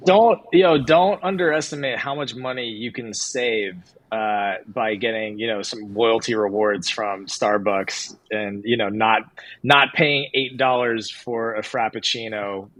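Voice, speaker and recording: A man co-hosting a casual livestream chat, excitable and joking, often drifting onto tangents. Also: lowish voice, a little slow, dry recording, low-quality recording. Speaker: co-host.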